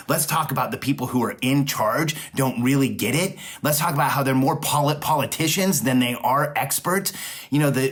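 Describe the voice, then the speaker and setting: A man's voice: mid-range voice, fairly bright tone. A man hosting a solo podcast, speaking emphatically in repeated rallying phrases and often correcting himself mid-sentence. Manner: self-correcting restarts. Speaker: podcast host, business coach.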